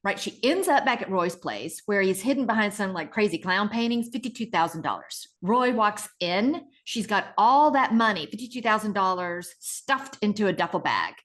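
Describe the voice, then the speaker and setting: A middle-aged woman co-hosting a casual podcast, retelling stories in an animated way and acting out the people in them. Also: medium pitch, normal speed, hardly any pauses. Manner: animated retelling with acted-out voices. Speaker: podcast co-host.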